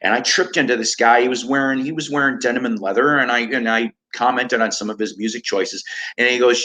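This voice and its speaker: A man's voice: medium pitch, a little fast, sharp tone, low-quality recording. A man in his fifties from the Chicago area, hosting a casual livestream with digressive, self-mocking talk and easy swearing. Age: 50s. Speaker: livestream host and record collector. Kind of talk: casual rambling livestream chat.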